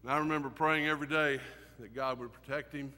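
An older man, teaching a Sunday class in an earnest, emotional way, with many pauses and fillers. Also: mid-range voice, steady tone, sharp tone. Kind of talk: sermon. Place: church classroom. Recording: hall reverb.

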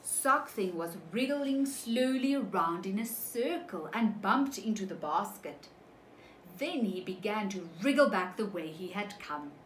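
Animated woman teacher reading a picture book. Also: medium pitch, roomy sound, a little hiss or hum, rough recording. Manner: slow, animated, asks children questions. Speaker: preschool teacher.

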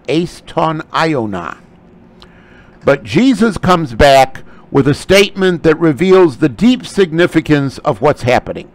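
A man's voice: a little high, poor audio. A man teaching a scripture lecture, explaining Greek terms closely. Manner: slow, animated delivery. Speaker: Bible study teacher.

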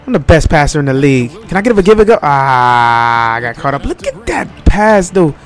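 A young man with a slightly higher voice gives loose, playful commentary over a basketball video game. He trash-talks the other team and laughs often. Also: sing-song, normal speed, faint music behind. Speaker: gaming commentator. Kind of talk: casual gameplay commentary.

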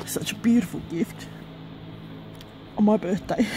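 A woman crafter filming a gift unboxing at home on a handheld camera, tearful and trembling, gushing softly with many breathy sighs. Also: mid-range voice, slow pace, long pauses, a little hiss or hum, low-quality recording. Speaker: craft vlogger. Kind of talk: emotional gift-unboxing vlog. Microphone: handheld camera, shaking.

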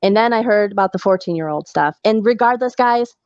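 A woman's voice: mid-range voice, fairly quick, a little mellow, no echo. Woman, livestream co-host, blunt, scolding, dull dry recording. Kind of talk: casual livestream chat.

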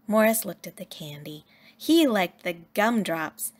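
A woman reading a children's story aloud in a gentle, measured way. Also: mid-range voice, expressive. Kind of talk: children's read-aloud narration.

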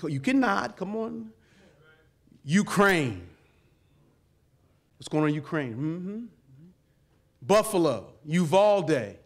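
A middle-aged man, a pastor, preaching a lively sermon to a live audience, calling for responses and swinging from quiet asides to shouts. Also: sits high, unhurried, pauses often. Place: conference hall before a live audience.

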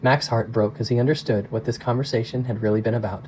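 A pastor reads a novel aloud at an unhurried, measured pace. His voice is dark and mellow. He sounds steady and calm throughout. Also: medium pitch, slight background noise, rough recording. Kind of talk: audiobook narration.

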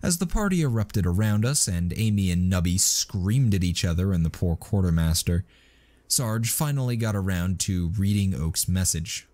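A man reading a story aloud in a steady, scripted narration. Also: deep voice, normal speed.

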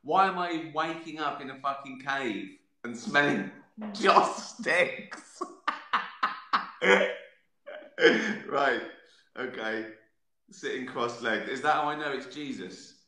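A man's voice: medium pitch, slow, long pauses, bright, forceful tone. Sardonic man in an echoey room. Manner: sardonic, profane, rambling. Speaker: host answering viewer questions. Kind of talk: casual live-stream chat. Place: at home, sitting with a beer.

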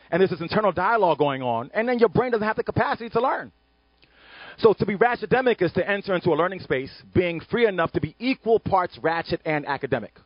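A man speaking as an author on an education panel, animated and emphatic, often checking in with "right?". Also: high voice, husky, no echo, lo-fi sound. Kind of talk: panel discussion talk.

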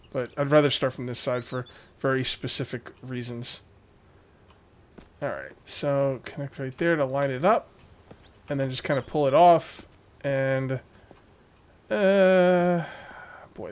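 A man's voice: medium pitch, a little slow, long pauses. A man hosting a let's play, chatting to himself and his viewers as he builds in a survival game and jokingly scolds the characters in his way. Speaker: gaming channel host.

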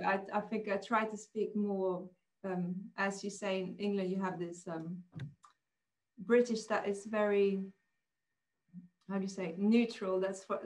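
Swedish woman author as guest, open and reflective, ready laugh, call audio. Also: medium pitch. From Sweden. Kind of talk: online Q&A conversation.

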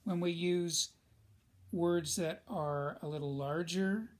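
In a fairly high but darkish voice, a man teaches a recorded lesson slowly, keeping a conversational tone and talking straight to his students.

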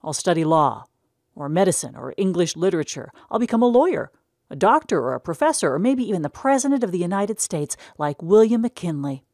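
A woman's voice: lowish voice, big pitch swings, a little fast, a little mellow, dry recording, studio quality, pitched above the performer's own voice. A woman voicing a restless young farm man who dreams aloud of escape and snaps impatiently. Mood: dreaming.

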